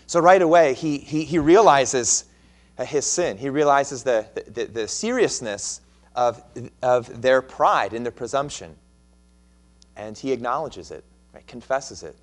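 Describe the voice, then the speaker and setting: A man's voice: mid-range voice, animated, measured pace. A male pastor preaching a sermon in a conversational way, often asking his listeners questions and restarting his phrases.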